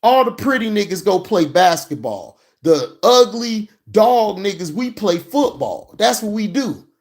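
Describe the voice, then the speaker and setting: A man's voice: sits high, lively intonation, measured pace. A man ranting and reacting to football footage in a heated, profane, mocking way. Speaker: sports commentary vlogger.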